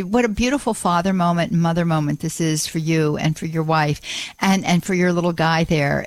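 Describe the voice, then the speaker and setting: A woman's voice: on the low side, no echo. Effusive woman hosting call-in radio. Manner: effusive, repeats "beautiful" often. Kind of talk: Catholic call-in radio talk.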